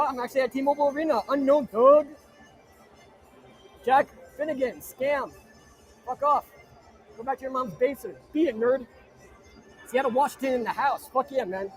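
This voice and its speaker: A man from New Jersey hosting a live stream, rattling off viewer shout-outs with brash, crude jokes from inside an arena. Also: extremely high pitch. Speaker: livestream host. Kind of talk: live-stream chat reading viewer comments.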